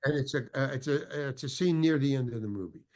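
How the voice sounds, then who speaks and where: A man's voice: medium pitch, fast, darkish tone. Older male guest, meandering anecdote, keeps restarting and acting out the dialogue. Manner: rambling, full of restarts, acts out quoted dialogue. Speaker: interview guest, actor. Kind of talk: anecdotal storytelling in an interview.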